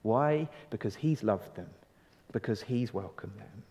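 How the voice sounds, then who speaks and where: A man's voice: on the low side, a little slow, darkish tone, big-room sound. A male pastor giving a sermon in an earnest, conversational way, stretching key phrases for emphasis and asking rhetorical questions.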